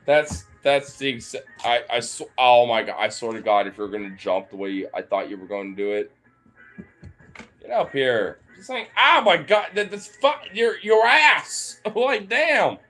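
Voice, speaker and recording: A man's voice: mid-range voice, big pitch swings, moderate pace, sharp tone, faint music behind. A young man talking playfully to his dogs, teasing them and swearing as he goes. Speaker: dog owner vlogger. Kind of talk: casual talk to his dogs.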